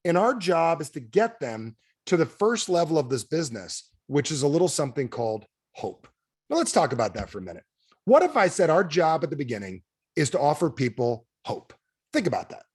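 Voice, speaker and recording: A man giving an energetic motivational talk to a sales team on a video call, firing rhetorical questions at his listeners. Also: on the high side, fairly quick, slightly rough. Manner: energetic, rhetorical questions to the audience, emphatic swings in loudness. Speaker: direct sales trainer.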